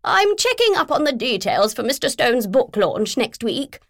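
A woman voicing a loud, posh, impatient older female literary agent with a booming, haughty, drawn-out delivery. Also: big pitch swings, no echo, studio quality, exaggerated voice. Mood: imperious.

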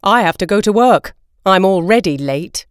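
A woman voicing a grumpy, easily annoyed father in a storybook reading, with a gruff, fed-up delivery. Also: mid-range voice, expressive, moderate pace, no room sound, close to an everyday voice.

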